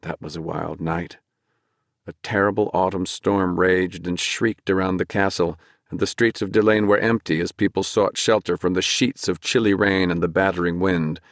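Deep-voiced male audiobook narrator. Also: steady tone, dry recording, studio quality. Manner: measured, dramatic storytelling, slowing for emphasis. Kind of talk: scripted fantasy narration.

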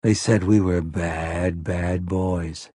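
A deep, warm voice, slow and fairly even, pitched below the performer's own, brings to life an audiobook character: a hypnotized adult who speaks like a scared seven-year-old, raised and small. He starts out dazed, then turns small, trembling and childlike, in clean studio sound without echo.

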